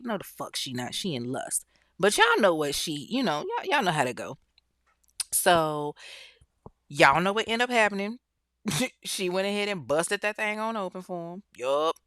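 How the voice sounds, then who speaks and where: A woman host tells a true-crime story in a loose, blunt way. She swears freely and keeps turning to her listeners. Her voice sits low and the recording is close and dry. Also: big pitch swings, measured pace, fairly bright tone, dry recording. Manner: chatty, blunt and profane, with frequent asides to listeners. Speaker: podcast host.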